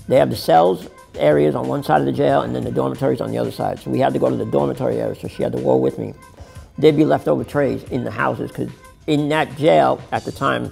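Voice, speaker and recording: A man's voice: medium pitch, creaky, darkish tone. A middle-aged man, telling his story in a candid interview, rambling and swearing as he corrects himself. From New York City. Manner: rambling, profane, self-correcting.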